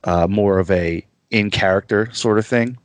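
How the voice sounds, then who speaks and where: A man chatting casually as a guest on a podcast, easygoing and quick to laugh at himself. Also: on the low side, no echo.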